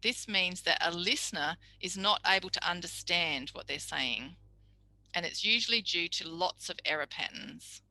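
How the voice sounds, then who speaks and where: A woman's voice: lowish voice, moderate pace, sharp tone, dry recording, low-quality recording. A woman teaching a speech pathology tutorial, chatty and explanatory, acting out examples. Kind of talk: recorded tutorial lecture.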